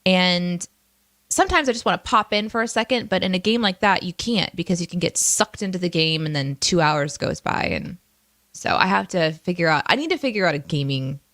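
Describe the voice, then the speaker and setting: A woman's voice: lowish voice, lively intonation, brisk, fairly bright tone, no echo. Chatty, laughing woman co-hosting a live stream. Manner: chatty, laughs easily, reads chat comments aloud. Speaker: co-host. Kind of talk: casual live-stream chat.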